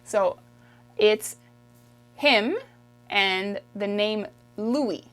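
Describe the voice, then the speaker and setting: A woman from Quebec teaching French, who says each word slowly and repeats it for the learner. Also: medium pitch, a bit bright. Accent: Québécois French. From Quebec, Canada. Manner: patient, drills words slowly and repeats them. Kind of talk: video language lesson.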